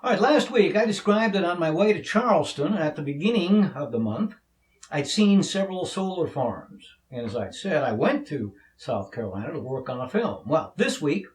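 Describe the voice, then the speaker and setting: A man talks to camera in a relaxed, chatty way, sharing opinions and news with small stumbles. His voice sits a little high. The room around him is echoey. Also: moderate pace. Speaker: video blogger and actor. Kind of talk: casual commentary to camera.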